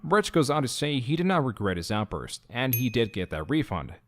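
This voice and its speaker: A man reading scripted documentary narration in a measured, critical, even delivery. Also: medium pitch. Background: faint background music.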